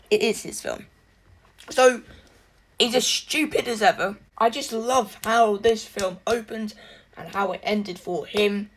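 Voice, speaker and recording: A young woman giving a casual spoken movie review, chatty and rambling with lots of fillers and restarts. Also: medium pitch.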